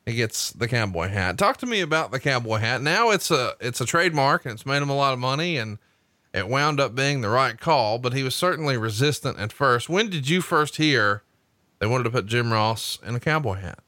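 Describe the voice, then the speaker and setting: A man with a Southern accent co-hosting a podcast, narrating an anecdote and reading quotes in a smooth, conversational way. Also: mid-range voice, expressive, moderate pace, bright, forceful tone, no echo, clean studio sound. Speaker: podcast co-host. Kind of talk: podcast ad read and story narration.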